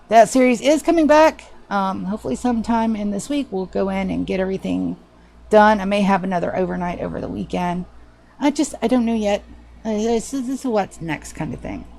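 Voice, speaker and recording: A woman's voice: mid-range voice, darkish tone. A woman streaming a game live, chatting casually and swearing freely with a self-mocking, sarcastic manner. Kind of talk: casual live gameplay chat.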